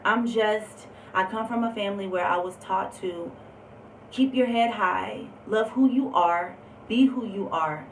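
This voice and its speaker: A vlogger with a mid-range voice tells a personal story in an unhurried, candid, and emphatic way, using lots of fillers. The recording has a roomy echo, a distant mic, and faint background noise.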